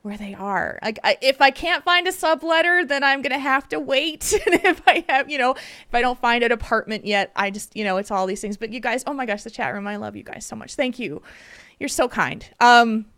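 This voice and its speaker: A woman hosting a podcast in casual, chatty talk, animated and rambling with fillers. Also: on the high side, brisk, no echo, studio quality. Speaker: podcast host.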